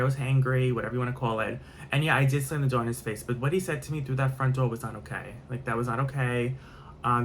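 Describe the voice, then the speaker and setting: A man's voice: mid-range voice, a bit bright, a little hiss or hum. A man telling a rambling story-time vlog, repeating himself and swearing freely. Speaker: vlogger.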